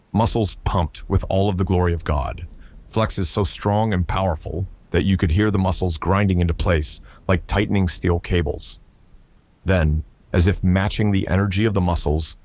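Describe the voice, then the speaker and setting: A man narrating a science fiction story with a steady, even delivery. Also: low-pitched, no echo. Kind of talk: scripted narration.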